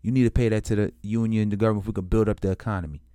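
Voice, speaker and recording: A man's voice: lowish voice, steady tone, very fast, dark tone, clean tone, dry recording, studio quality. A man explaining history in a casual, slangy way, swearing freely and stumbling over restarts, and acting out both sides of the story in quoted voices. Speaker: history commentator.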